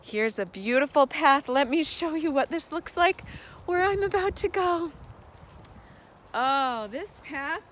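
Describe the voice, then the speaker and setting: High, bright, slow-talking woman leading kids. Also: noisy background. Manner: gentle, sing-song, speaks slowly to small children. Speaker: children's storytime and hike leader. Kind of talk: talking to preschoolers on a nature walk. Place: outdoors on a wooded trail by water.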